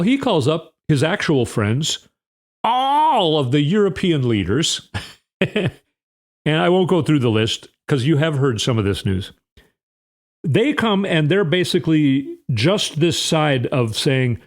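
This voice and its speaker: Male podcast host, mid-pitched, loose and rambling, sarcastic and opinionated, lots of fillers and restarts. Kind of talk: casual political commentary.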